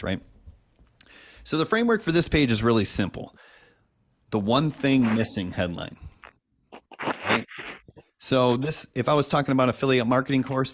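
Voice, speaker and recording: A man teaching an online marketing method in a casual, conversational way, often checking in with "right?" and tossing off quick made-up examples. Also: fairly low pitch. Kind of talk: casual instructional talk.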